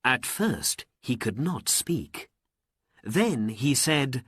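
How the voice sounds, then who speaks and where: A male storyteller narrates a learners' story very slowly and deliberately, with a pitch that swings widely. His voice is breathy and close, with no room sound. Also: dry recording. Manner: very slow, deliberate, and expressive.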